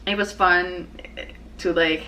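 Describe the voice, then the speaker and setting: Chatty young woman, lowish voice. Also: fairly even intonation, takes it slowly, pushed and bright, poor audio. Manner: rambling, chatty, many fillers and restarts; laughs easily. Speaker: podcast host. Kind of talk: casual personal chat.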